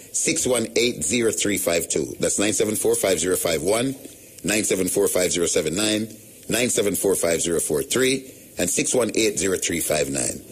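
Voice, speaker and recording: A man's voice: low-pitched, slightly rough. A middle-aged Jamaican man hosting a radio show, chatting in a loose storytelling way with plenty of patois. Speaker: radio host. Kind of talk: casual radio talk.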